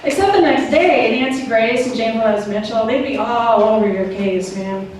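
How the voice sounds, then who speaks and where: A woman's voice: on the high side, moderate pace, a little mellow, slight background noise. Profane woman doing stand-up in a club. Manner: casual, profane, slangy storytelling with voices for characters. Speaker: stand-up comedian. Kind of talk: stand-up routine. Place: comedy club stage. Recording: echoey club from far off with crowd laughter. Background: audience laughing.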